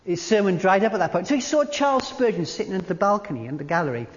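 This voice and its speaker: A preacher giving a sermon at a church service, telling a story in an animated way and then speaking quietly and intimately. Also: medium pitch, fast. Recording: long church reverb, dull lo-fi sound.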